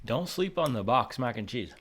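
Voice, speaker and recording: A man's voice: mid-range voice, animated, normal speed, a bit bright, slight background noise. A young man chatting casually in a vlog as a running shoe reviewer, playful and rambling with jokey slang.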